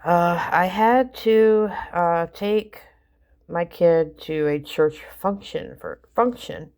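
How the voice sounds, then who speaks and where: Middle-aged woman, lower voice, slow rambling story delivery, lots of ums and restarts. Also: a little mellow, clear, resonant tone. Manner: rambling, with many fillers and restarts. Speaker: mother telling family stories. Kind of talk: casual storytelling.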